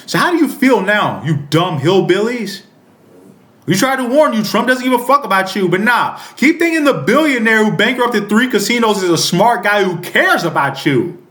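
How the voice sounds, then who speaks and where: A man's voice: high-pitched, fairly bright tone, roomy sound. A man ranting angrily and sarcastically about politics, swearing heavily and reading a news article aloud with interjections. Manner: profane, furious, sarcastic ranting. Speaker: political commentator. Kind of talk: angry political rant.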